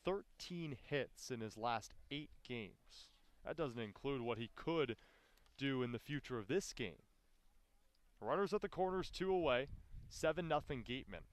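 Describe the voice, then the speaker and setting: A man calling live baseball play-by-play, with his voice climbing sharply in pitch and volume on big plays. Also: clear, resonant tone, no room sound. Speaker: play-by-play announcer.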